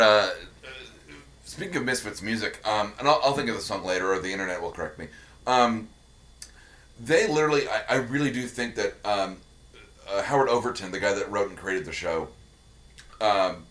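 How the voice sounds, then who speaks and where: A young adult man co-hosting a casual chat, rambling and swearing freely, dropping into quick silly voices. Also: lowish voice, fairly bright tone. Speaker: podcast co-host.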